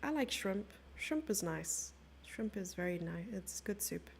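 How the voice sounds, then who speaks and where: Chatty woman streamer, gravelly. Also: mid-range voice, lively intonation, unhurried, a little hiss or hum. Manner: chatty, playful, reads out and answers chat. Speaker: chess commentator and streamer. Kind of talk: live stream commentary, chatting with viewers.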